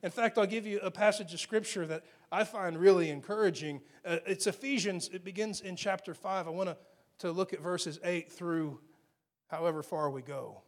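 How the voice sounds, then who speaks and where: A man with a fairly high voice delivers a sermon from the pulpit. He presses key phrases hard and loud, then drops to quiet, softened lines to let a point land. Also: normal speed. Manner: preaching with swings between loud emphasis and hushed, soft delivery. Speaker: pastor.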